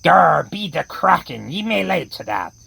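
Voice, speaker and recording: A growling, boastful pirate, put on by a woman in a comic horror radio play. He growls low, gravelly and husky. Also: big pitch swings, unhurried, a bit bright, no room sound, full character voice. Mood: gruff.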